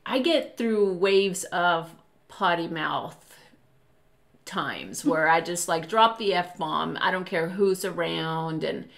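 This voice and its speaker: A woman's voice: fairly low pitch, lively intonation, slow, vocal fry. A woman who is a podcast guest, telling family stories in casual chat and laughing as she talks.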